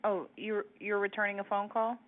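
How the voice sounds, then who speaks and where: A woman's voice: medium pitch, flat delivery, normal speed. A woman answering calls as a receptionist, polite and puzzled. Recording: tinny phone line.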